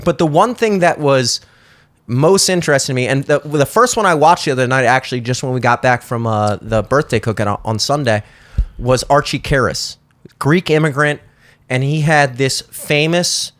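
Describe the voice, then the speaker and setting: A man's voice: medium pitch, moderate pace, a bit bright. A man with a Baltimore accent hosting a podcast, rambling and swearing casually with lots of restarts. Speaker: podcast host. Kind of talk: casual chat. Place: studio.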